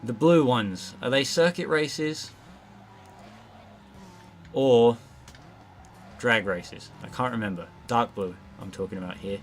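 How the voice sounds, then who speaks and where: A man casually narrating his gameplay as a let's play host, rambling with lots of fillers and frequent swearing. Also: lowish voice. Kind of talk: gameplay commentary.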